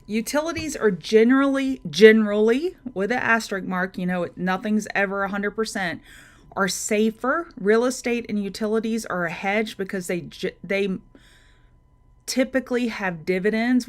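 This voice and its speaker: A woman hosting a live market-prep stream, talking through charts and greeting viewers by name in a chatty way. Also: medium pitch. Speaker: trading show host.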